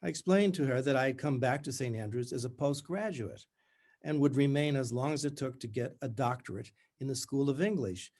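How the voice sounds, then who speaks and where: A man in his seventies, an author, talking reflectively about writing and reading from his book in a measured storytelling manner. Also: medium pitch, a little mellow. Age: 70s.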